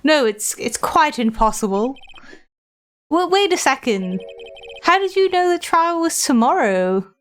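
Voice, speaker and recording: A woman's voice: sits high, big pitch swings, measured pace, voice pushed up. A woman voicing a pompous, evasive older male lawyer from a video game, stammering out excuses, with faint game music behind her. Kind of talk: reading game dialogue aloud.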